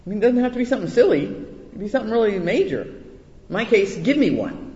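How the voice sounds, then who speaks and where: A man's voice: sits high, big pitch swings, quick pace, a little mellow. A man preaching a conversational sermon, chatty and self-deprecating, often restarting his words. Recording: echoey hall, dull muffled sound.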